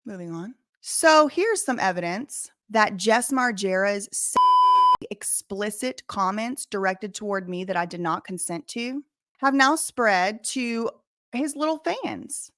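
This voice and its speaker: A woman's voice: mid-range voice, lively intonation, a bit bright, no room sound. Indignant woman, dry close mic. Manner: indignant, repetitive, deliberate stresses. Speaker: commentary channel host. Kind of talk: emphatic to-camera commentary.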